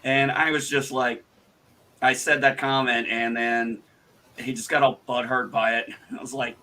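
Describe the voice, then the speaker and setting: Host type: man, bright and punchy voice, animated storyteller who swears a lot and acts out quotes. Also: medium pitch, moderate pace. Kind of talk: casual livestream chat.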